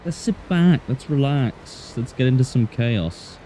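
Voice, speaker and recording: A man's voice: mid-range voice, very animated, measured pace, warm tone, a little hiss or hum. A man streaming a game with casual, playful, self-mocking chat in a put-on Australian accent. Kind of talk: casual gameplay commentary.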